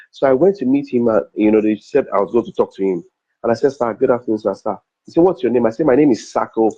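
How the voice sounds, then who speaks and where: This middle-aged comedian and MC with a Nigerian accent speaks at medium pitch in a warm, slightly rough tone. He shares personal stories during an interview, acting out dialogue and repeating phrases for emphasis, on a dull, somewhat lo-fi recording.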